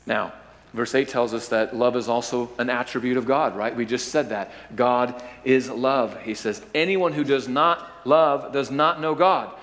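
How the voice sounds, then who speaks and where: A male pastor preaching a sermon, with emphatic, drawn-out stresses and rhetorical questions. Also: mid-range voice, steady tone, fairly bright tone. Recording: hall reverb.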